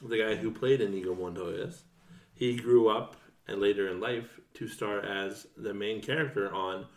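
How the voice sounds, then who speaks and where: A man's voice: fairly low pitch, fairly even intonation, moderate pace, far from the mic. A man co-hosting a casual podcast, offhand and easygoing. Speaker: podcast co-host. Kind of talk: casual chat. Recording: echoey room, off-mic, light hiss.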